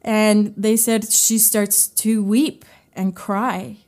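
A woman's voice: medium pitch, flat delivery, a little mellow. A woman hosting a devotional podcast, giving an earnest, heartfelt teaching with fillers. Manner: unhurried, with fillers. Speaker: podcast host.

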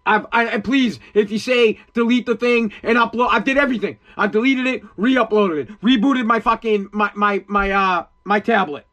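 A man's voice: high-pitched, steady tone, normal speed, few pauses, a bit bright. A man hosting his own podcast, ranting angrily and profanely about responsibility, repeating himself as he gets worked up. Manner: profane, heated, repetitive. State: agitated. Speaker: podcast host. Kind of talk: angry ranting monologue.

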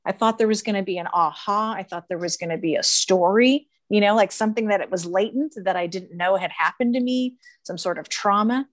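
A woman's voice: mid-range voice, brisk, few pauses, dry recording. A woman talking earnestly and emphatically in a casual conversation, laughing often as she coaches.

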